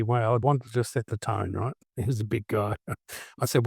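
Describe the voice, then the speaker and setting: A man hosts a casual podcast chat, full of jokes and long anecdotes. His voice sits at an ordinary middle pitch. The sound is dry and close. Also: fairly even intonation, a little fast, vocal fry, slightly rough, no room sound. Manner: jokey, tells long anecdotes. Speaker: podcast host.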